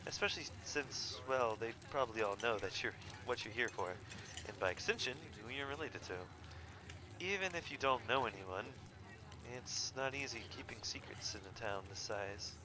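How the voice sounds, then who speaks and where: A man's voice: medium pitch, animated, normal speed, noisy background. A young man reading a story game aloud and joking about his choices, in a goofy, self-mocking way. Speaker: let's play host.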